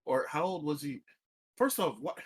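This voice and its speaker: A young man co-hosting a casual podcast, reacting with disbelief, quick questions and blunt jokes. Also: fairly high pitch, sing-song, slightly rough. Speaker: podcast co-host. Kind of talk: casual chat.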